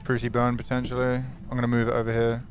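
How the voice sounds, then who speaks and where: A man's voice: mid-range voice, completely flat delivery, quick pace, music in the background. A man streaming a game live, commenting animatedly, swearing and greeting his chat.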